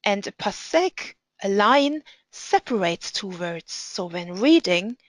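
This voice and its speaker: A woman with a mid-range, very animated voice gives instruction on Hebrew pronunciation, slowly reading examples aloud. She is patient and deliberate, and the recording is dry and rough.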